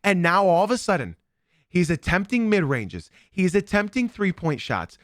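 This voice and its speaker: A young man hosting a sports podcast, emphatic and animated, often repeating his lines for effect. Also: high voice, moderate pace. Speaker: podcast host.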